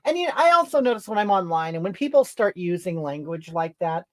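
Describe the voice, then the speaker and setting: Lowish in pitch, very animated, and brisk, a woman's voice performs a comedy character. She's a brash, prickly middle-aged livestreamer responding to viewer comments with sass and rambling, adding "okay?" and "honey" as she goes.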